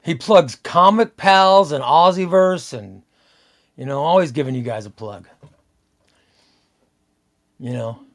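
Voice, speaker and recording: A man's voice: fairly high pitch, expressive, slow, pauses often. A man hosting a casual live stream, chatting loosely, repeating himself and reading out viewer comments. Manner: rambling, repeats himself, reads out chat comments.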